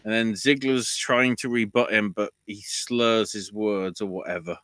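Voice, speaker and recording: A man's voice: on the low side, fairly even intonation, measured pace, fairly bright tone, no room sound. A man hosting a podcast, recapping casually, ranting and swearing, his voice jumping up when riled. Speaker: podcast host.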